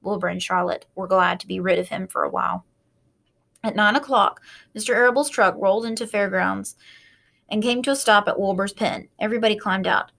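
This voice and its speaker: A woman's voice: medium pitch, steady tone, brisk, creaky, a bit bright. A woman reading a children's book aloud, adding casual asides between passages. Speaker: reader.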